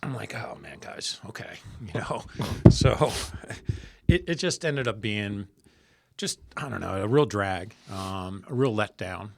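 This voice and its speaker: A man co-hosting a casual podcast, telling a personal story in halting bursts with many restarts. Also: lowish voice, vocal fry, slight background noise. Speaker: podcast co-host.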